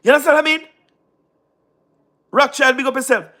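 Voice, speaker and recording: A man from Jamaica with a Jamaican Patois accent, livestreaming casually, giving shout-outs to viewers and repeating himself emphatically. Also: very high-pitched, brisk. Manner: repetitive, keeps asking "you understand what I mean", emphatic. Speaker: YouTube live streamer.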